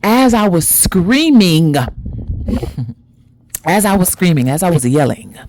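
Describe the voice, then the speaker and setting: A woman's voice: fairly low pitch, very animated, slow pace, a little mellow, slight background noise. A woman hosting a spiritual vlog who talks to her viewers in an intimate, conversational way and calls them y'all. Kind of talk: spiritual motivational talk.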